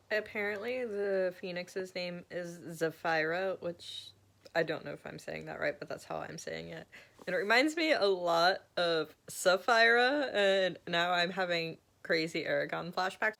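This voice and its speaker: A woman's voice: on the low side, gravelly, fairly bright tone. A young woman vlogging casually about her reading week, chatty and self-deprecating, swearing now and then. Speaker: book vlogger. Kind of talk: casual vlog chat.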